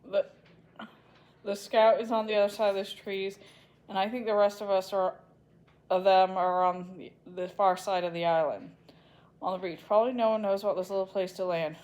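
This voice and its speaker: A woman's voice: medium pitch, steady tone, moderate pace, darkish tone, lightly acted. A woman reading aloud as a determined young camp girl who speaks earnestly and firmly. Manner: earnest, firm.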